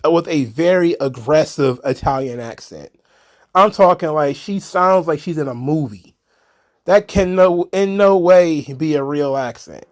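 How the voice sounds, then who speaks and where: Chatty opinionated man, higher voice. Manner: opinionated, rambling, frequent fillers and restarts. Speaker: wrestling commentary channel host. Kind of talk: casual solo commentary.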